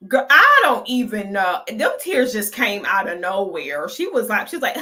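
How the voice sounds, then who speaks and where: A woman's voice: medium pitch, very animated, moderate pace, few pauses, bright, forceful tone. A woman hosting a casual reaction commentary, chatty and gossipy, laughing often as she talks. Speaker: reaction channel host.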